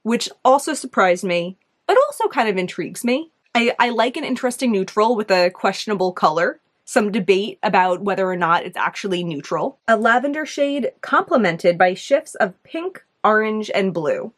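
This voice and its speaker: A woman's voice: mid-range voice, lively intonation, normal speed. Chatty young woman with a New York accent. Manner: chatty, hesitant, thinks aloud with many "like"s. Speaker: beauty video host. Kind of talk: casual makeup review talk.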